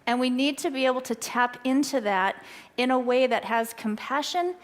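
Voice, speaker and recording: A middle-aged woman giving an earnest, excitable talk at a church, telling stories from her own life. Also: sits high, moderate pace. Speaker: guest speaker.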